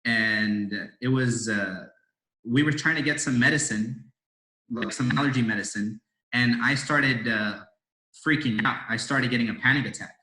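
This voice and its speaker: A man's voice: mid-range voice, normal speed, sharp tone. A young man in his twenties from India, a podcast guest telling his story in a rambling, casual way with lots of fillers and restarts. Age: 20s. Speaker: podcast guest, door-to-door salesman. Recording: roomy echo.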